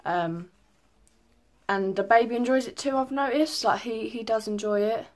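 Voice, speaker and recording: A woman's voice: on the high side, normal speed. A young woman chatting casually in a pregnancy update vlog, rambling with many ums. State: a little out of breath. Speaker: vlogger.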